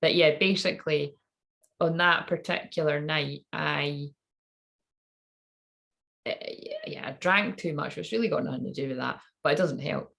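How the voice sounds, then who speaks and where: Woman, thirties, deep voice, tarot reader, candid rambling monologue. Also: normal speed, gravelly, pauses often, a bit bright. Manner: candid, swearing, trailing off.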